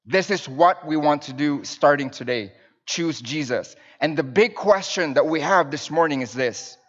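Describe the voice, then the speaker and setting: Addressing his congregation, a minister in his thirties tells family stories in a warm, conversational sermon full of fillers and restarts. His fairly high voice is expressive at a normal speed, captured with dull sound in a reverberant church sanctuary with pews.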